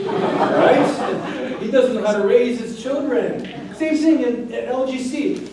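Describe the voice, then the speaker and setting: A man's voice: very high-pitched, slow pace, background noise. A middle-aged man preaching a sermon as pastor, telling stories about his family, acting out what they say and laughing often. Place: church sanctuary. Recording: echoey hall from far off, faint ambience.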